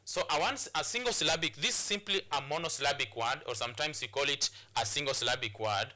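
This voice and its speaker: A man's voice: mid-range voice, fast talker, pushed and bright. A man with a Kenyan English accent teaching an English pronunciation lesson, repeating and restarting phrases as he explains to students.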